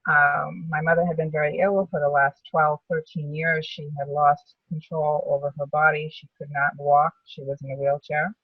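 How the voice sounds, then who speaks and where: A woman's voice: low voice, flat delivery, normal speed, few pauses, slightly rough, no room sound, distant mic, phone-quality sound. A woman sharing her personal story as a survivor in a webinar, talking in an earnest, reflective way. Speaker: brain tumor survivor panelist. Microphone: video call.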